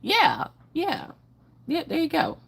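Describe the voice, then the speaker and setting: A woman's voice: sits high, huge pitch swings, slow, gravelly. A middle-aged woman hosting a casual livestream from home, greeting viewers by name in a sing-song way. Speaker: livestream host.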